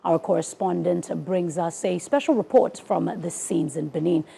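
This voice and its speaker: A woman's voice: lowish voice, moderate pace, gravelly, mellow, a little hiss or hum. A woman from South Africa co-hosting a morning TV news show, reading headlines in an upbeat way and bantering playfully with her co-host in a studio.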